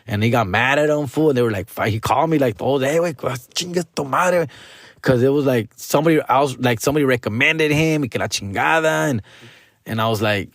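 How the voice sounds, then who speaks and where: A young comedian hosting his podcast, letting off steam in a loose, slangy rant peppered with swearing and bits of Spanish. His voice sits at an ordinary middle pitch. The sound is dry and close, with no room echo. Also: fast, fairly bright tone. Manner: slangy, profane, mixes Spanish into his English; frustrated, venting.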